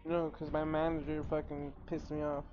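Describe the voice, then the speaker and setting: A man's voice: fairly high pitch, monotone, highs cut off, soft background music. A young man telling a heated story about a fight with his manager at work. He swears constantly and keeps acting out both sides of the argument. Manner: swears constantly, rapid ranting retelling. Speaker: fast-food worker telling a story. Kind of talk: casual chat on a live stream.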